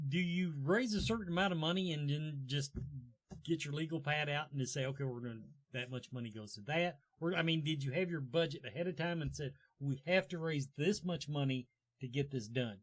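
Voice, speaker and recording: A man's voice: fairly high pitch, normal speed. A man hosting an interview show, asking long rambling questions that keep restarting. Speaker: talk show host. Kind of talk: casual interview.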